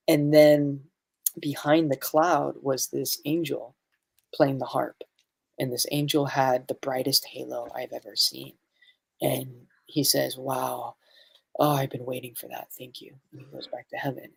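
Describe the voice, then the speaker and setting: A man's voice: on the high side, gravelly, darkish tone, breathy edge. A man guest on a podcast, a medicine facilitator telling a spiritual story in an earnest, reflective way, full of "you know" fillers.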